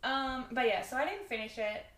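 A woman's voice: high voice, animated, fairly quick. A young woman co-hosting a book podcast in casual chat, wry and joking, recorded in a lounge room by a main road. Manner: wry, dry jokes, says she talks loudly. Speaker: podcast co-host. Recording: echoey room, faint traffic noise.

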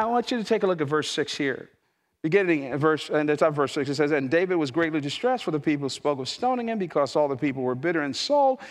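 A middle-aged man preaching with a high, bright voice. He drops to a near hush, then climbs into loud, pleading passion, and he hammers key phrases again and again. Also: long reverb tail. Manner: swings from quiet and soft to loud and impassioned, repeating phrases for emphasis. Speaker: pastor. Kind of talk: sermon.

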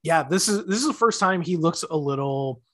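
A man's voice: on the high side, brisk. A man in his thirties hosts a casual podcast chat. He retells scenes with energy and keeps slipping into the characters' lines as he goes. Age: 30s. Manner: animated, acts out characters' lines while retelling. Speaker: podcast co-host. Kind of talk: casual chat recapping a TV episode.

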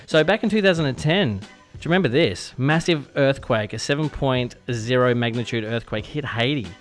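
A man's voice: medium pitch, moderate pace, soft background music. A young Australian man hosting a casual radio show, chatty and self-deprecating, sometimes stumbling over his words. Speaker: radio host. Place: radio studio.

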